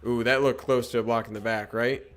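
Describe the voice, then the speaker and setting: A young man casually breaking down football film live, reacting with quick exclamations as plays unfold. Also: mid-range voice, steady tone, fairly bright tone, faint music behind. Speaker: podcast co-host.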